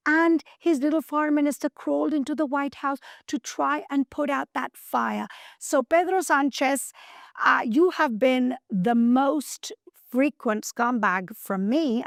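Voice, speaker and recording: A woman hosting a news commentary show, speaking emphatically and scolding, slowing down to stress her words. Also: high voice, no echo, studio quality. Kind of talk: opinion commentary.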